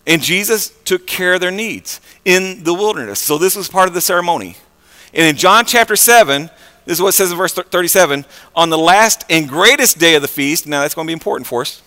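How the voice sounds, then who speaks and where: Bright-voiced male preacher in a reverberant hall. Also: high voice, a little fast. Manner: conversational, animated, with many fillers and restarts. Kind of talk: sermon.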